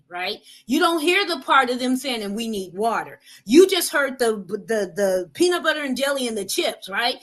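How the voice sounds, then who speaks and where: A woman's voice: high-pitched, lively intonation, unhurried, a bit bright, low-quality recording. A woman giving an earnest motivational talk, repeating her points and often checking in with "right?". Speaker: motivational speaker.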